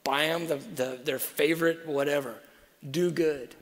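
A man preaching a sermon, telling a personal story and swinging between soft asides and loud emphasis. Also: a little high, steady tone, measured pace. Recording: reverberant hall.

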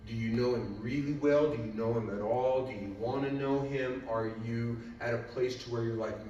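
A man preaching as a guest speaker, whose voice swings from quiet reflection to loud, fervent pleading in prayer. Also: medium pitch, steady tone, normal speed, hardly any pauses, slight background noise. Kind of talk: sermon. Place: church sanctuary. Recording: echoey church hall from far off.

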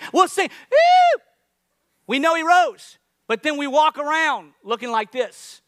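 A pastor delivers a sermon with a high, bright voice. He is animated and jokes with the congregation as he makes his points. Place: church.

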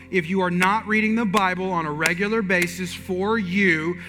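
A man preaching a sermon, animated and shifting from loud punches to hushed asides. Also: high voice, moderate pace, few pauses, soft background music. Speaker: pastor. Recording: reverberant hall.

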